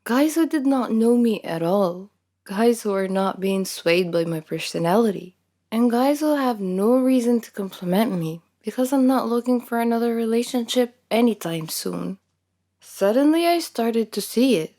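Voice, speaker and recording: A woman's voice: fairly high pitch, expressive, moderate pace, warm tone. A young adult woman narrating a first-person story from a script, candid and self-deprecating.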